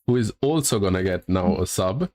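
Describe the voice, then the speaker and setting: Streamer man running a game quiz, brisk and chatty, dry close sound. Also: low-pitched, animated, a little mellow, no echo. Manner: brisk, laughs between questions. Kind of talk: casual live-stream chat.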